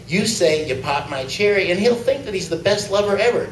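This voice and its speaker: High-voiced man for a crude open-mic stand-up set; roomy club sound, mic at a distance. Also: expressive, fairly quick, hardly any pauses, slight background noise. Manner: crude joke-telling, laughing at own jokes. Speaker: stand-up comic. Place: small comedy club.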